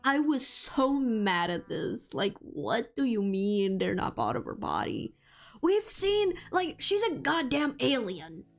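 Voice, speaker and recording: A woman with a fairly high voice hosting a relaxed chat stream, talking at an unhurried, drawn-out pace. She giggles between thoughts and peppers her sentences with "like". Faint music plays softly behind her. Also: creaky. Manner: giggly, chatty, heavy use of "like". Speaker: VTuber streamer.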